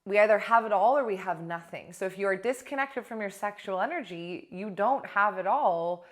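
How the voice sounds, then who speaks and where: A young adult woman coach talking casually to camera in a blunt, animated way, swearing now and then. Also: medium pitch, moderate pace. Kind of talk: casual direct-to-camera talk.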